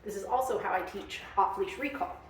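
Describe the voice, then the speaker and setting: A woman's voice: medium pitch, a little fast, recorded from a distance, a little hiss or hum. A woman dog trainer explaining her methods in a casual, chatty way, with many fillers. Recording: very echoey room, off-mic.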